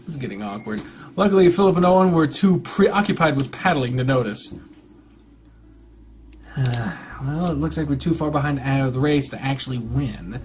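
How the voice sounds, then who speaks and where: A man's voice: mid-range voice, moderate pace, darkish tone. A young man reading a visual novel aloud with casual, sweary, wry asides. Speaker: let's play narrator. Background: faint music.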